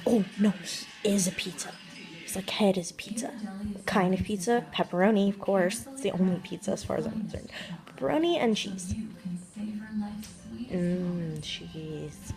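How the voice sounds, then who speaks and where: A woman's voice: mid-range voice, poor audio. A woman vlogger musing aloud in a casual, jokey monologue, rambling and trailing off as she thinks.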